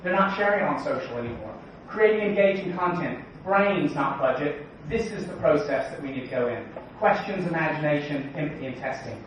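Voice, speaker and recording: A man giving a joking, energetic conference talk and quizzing the audience. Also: on the high side, brisk, few pauses, a little hiss or hum. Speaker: conference speaker. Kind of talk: keynote talk. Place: large conference hall. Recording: echoey hall, distant, dull sound.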